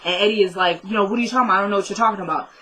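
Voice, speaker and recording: A young woman casually recapping a TV episode, acting out the characters' lines by jumping her pitch up and down. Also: racing, pushed and bright, low-quality recording.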